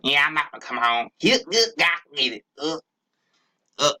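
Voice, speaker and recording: A man's voice: fairly high pitch, very animated, moderate pace, sharp tone, slight background noise, voice pushed up, heavily acted. A man voicing a panicky redneck man who yelps and cries for help in an improvised amateur voice act. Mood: breezy. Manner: yelping, frantic cries for help.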